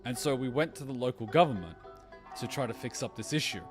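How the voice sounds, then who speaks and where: A man's voice: mid-range voice, expressive, quick pace, music in the background. A young man streaming a game reaction, chatting casually, rambling through a long story with swearing and laughter. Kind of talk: casual chat over gameplay.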